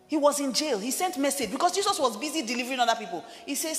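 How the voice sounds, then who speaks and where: A middle-aged woman preaching a sermon as a pastor, emphatic and shouting at her peaks. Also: expressive, fast talker, hardly any pauses. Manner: emphatic, rising to shouts and dropping low for quoted voices. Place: church hall. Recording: reverberant church hall with music.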